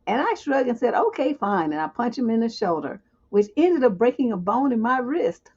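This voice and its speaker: A woman's voice: fairly high pitch, expressive, brisk, a little mellow, breathy edge, dull audio. A woman hosting a livestream advice show, reading viewer questions aloud and answering them with blunt, joking frankness. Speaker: relationship advice host.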